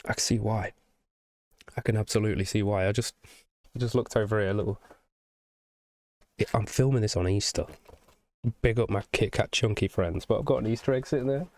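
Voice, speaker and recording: Flu has left this young man's voice nasal and congested; it's on the low side and darkish, a little fast but broken by long pauses, with no room sound. As a music reaction YouTuber, he rambles casually and enthusiastically, swearing and repeating "you know what I mean?".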